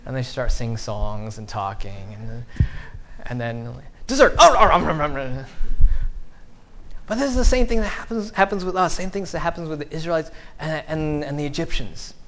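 A man in his thirties preaching a conversational sermon, acting out quotes with lively sarcasm. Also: fairly high pitch, normal speed. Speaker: pastor.

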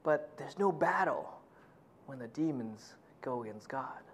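A male pastor giving a sermon, telling stories in a conversational, animated way. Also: medium pitch, a little slow, slightly rough.

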